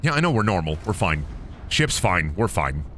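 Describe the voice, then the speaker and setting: A man chats through his gameplay, cracking jokes and cursing as he goes. His pitch swings around animatedly and his tone is bright. Faint game noise sits behind him. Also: sing-song, normal speed. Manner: joking, profane, talks to himself. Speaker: game streamer. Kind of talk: casual gameplay commentary.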